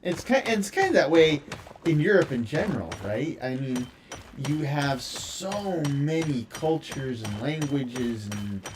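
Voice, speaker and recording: A man's voice: on the high side, very animated, measured pace, noisy background. An American man chatting casually while streaming a building game, telling rambling stories with many fillers and restarts. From United States.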